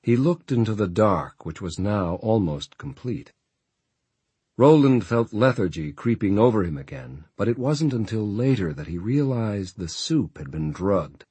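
A male audiobook narrator reads a novel in steady, measured scripted narration. His very low voice has a husky grain, recorded close and dry as if in a booth, with no room sound.

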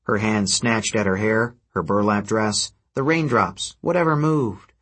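A man narrating a fantasy adventure story in a steady, even storytelling manner. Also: lowish voice, a little slow. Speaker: audiobook narrator. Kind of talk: scripted narration.

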